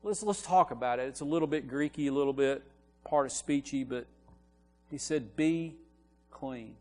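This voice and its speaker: A man's voice: medium pitch, fairly quick, big-room sound, soft background music. A man preaching a sermon, explaining a Bible passage in an earnest teaching manner and building emphasis on key words, with frequent restarts. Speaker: minister. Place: church sanctuary.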